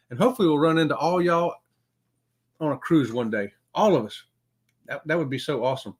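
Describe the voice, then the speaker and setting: A middle-aged man runs a relaxed livestream chat. His voice sits a bit high for a man. He reads viewer comments in a folksy, upbeat way and often breaks into chuckles. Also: a little fast, long pauses, slightly rough. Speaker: livestream host.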